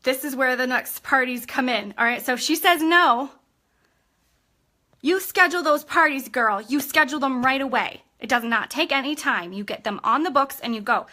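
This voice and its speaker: A young woman with a high, pushed, bright voice speaks at normal speed as a sales team trainer. She's giving an upbeat live-streamed coaching talk, chatty and constantly checking in with her listeners.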